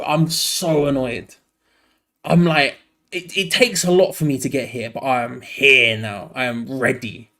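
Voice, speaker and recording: A man's voice: mid-range voice, a bit bright. A tired man hosting a live fan watch-along, switching between match commentary and rambling, frank asides.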